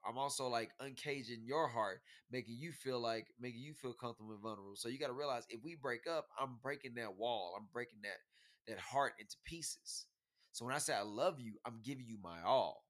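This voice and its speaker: A man's voice: mid-range voice, a little fast, fairly bright tone. A young man in a casual couple's debate, arguing hard, talking over his partner and stumbling over repeated words. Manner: argumentative, talks over her, repeats words when cut off.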